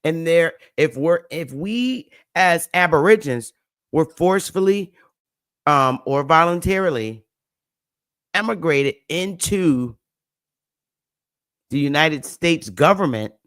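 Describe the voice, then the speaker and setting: A man speaking on a livestream in a slow, emphatic way, repeating his key words. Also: fairly high pitch, animated, fairly bright tone, clear, resonant tone, no room sound. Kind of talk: livestream talk.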